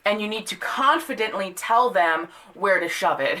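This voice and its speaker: A young woman talks through a tarot reading in a loose, conversational way, full of ums and restarts. Her voice is bright and clear, and she gets blunt and sweary when something bothers her. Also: fairly low pitch, moderate pace. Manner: chatty, many fillers, blunt and swearing when annoyed. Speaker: tarot reader. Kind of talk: casual tarot reading to camera.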